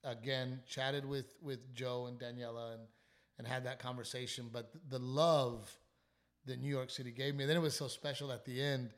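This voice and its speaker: A man who hosts a podcast, worn down by illness and lost sleep, tells a wild story in casual chat. He swears freely, trails off and restarts his sentences. His voice sits at an ordinary middle pitch. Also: little pitch movement, moderate pace. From South Texas. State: sick, short on sleep. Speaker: comedian and podcast host.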